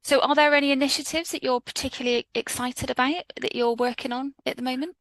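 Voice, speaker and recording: A woman hosting a podcast interview, agreeing warmly and asking her guest questions. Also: high-pitched, fairly even intonation, fast talker, dry recording, rough recording. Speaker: podcast host.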